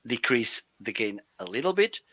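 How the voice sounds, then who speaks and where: A man's voice: medium pitch, very animated, normal speed, a bit bright, husky. A man from Portugal co-hosting a live shopping stream from his home studio, chatty and laughing often as he explains gear step by step on a studio mic. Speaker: co-host. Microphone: studio microphone.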